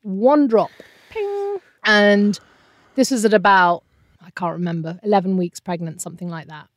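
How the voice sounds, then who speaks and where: A woman's voice: medium pitch, lively intonation, moderate pace, no room sound. Middle-aged woman, interview guest, candid and emotional storytelling, close and dry sound. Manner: emotional, candid, often trailing off. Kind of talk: personal storytelling in conversation.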